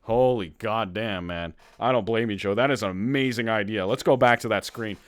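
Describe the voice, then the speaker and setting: A man hosting a live-streamed podcast in casual chat, excitable and reacting loudly while he reads a list aloud, hungry. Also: on the low side, normal speed. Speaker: podcast host.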